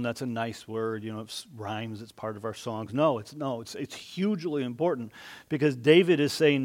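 A man preaching a conversational sermon, rising for emphasis and dropping soft. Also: mid-range voice, fairly even intonation, moderate pace. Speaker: pastor.

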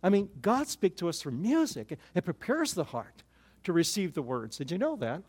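Older man, high voice, pastor, conversational sermon, self-deprecating jokes. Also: very animated, normal speed, darkish tone. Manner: informal, storytelling, self-deprecating humor.

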